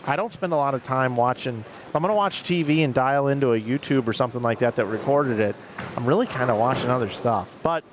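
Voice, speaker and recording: A man commentating on bowling, chatting casually and rambling through emotional restarts. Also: mid-range voice. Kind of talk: casual chat. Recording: noisy background.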